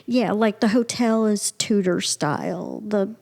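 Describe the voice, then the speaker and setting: A woman's voice: measured pace, gravelly. A middle-aged woman from Ohio, an artist and professor, telling a story in casual conversation and acting out the dialogue. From Ohio, USA. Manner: animated storyteller, acting out dialogue with pitch jumps. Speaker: artist and art professor, guest.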